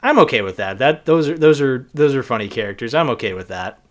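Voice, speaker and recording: A man from Boston chatting casually about movies and cartoons, animated and laughing often. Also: medium pitch, quick pace. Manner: animated, laughs often, quotes lines in put-on voices. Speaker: podcast host. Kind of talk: casual chat. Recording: lawn mower hum in background.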